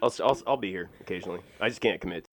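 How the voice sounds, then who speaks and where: A man's voice: sits low, rapid-fire, fairly bright tone, a little hiss or hum. A young man joining a podcast as a guest in casual chat, often stumbling and hesitating over his words.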